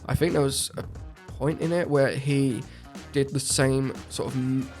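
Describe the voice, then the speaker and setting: A man's voice: mid-range voice, fairly even intonation, measured pace, darkish tone. A young man giving a casual, enthusiastic music review, repeating words for emphasis.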